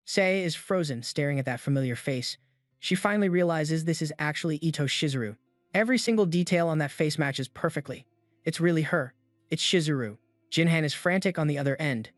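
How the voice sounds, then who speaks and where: A man's voice: fairly high pitch, a little fast, dry recording. A man narrating a comic recap as a scripted voice-over, reading all the characters' lines in his own voice. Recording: dry voice-over with music.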